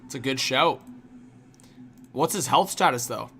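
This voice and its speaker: Chatty young man with bright voice. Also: mid-range voice, lively intonation, a little slow, a little hiss or hum. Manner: rambling, filler-heavy, frequent "like". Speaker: hockey livestream host. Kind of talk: casual live stream commentary, reading chat.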